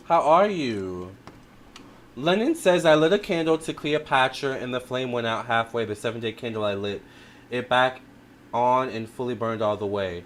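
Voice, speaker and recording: A man's voice: mid-range voice, moderate pace. Chatty man hosting a tarot livestream. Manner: chatty and expressive, many fillers and restarts; addresses viewers directly with frequent "all right?". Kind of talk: casual livestream chat reading viewer comments.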